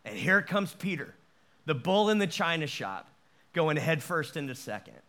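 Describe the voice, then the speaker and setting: High-voiced animated male preacher. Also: normal speed. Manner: animated preaching with stammered restarts and voiced quotes. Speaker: pastor. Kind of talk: sermon.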